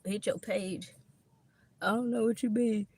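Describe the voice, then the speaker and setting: A woman with a husky, slightly mellow, medium-pitched voice speaks steadily at a measured pace. Her Southern accent blends Kentucky and Florida as she gives a casual tarot reading, chatting with plenty of laughter and swearing.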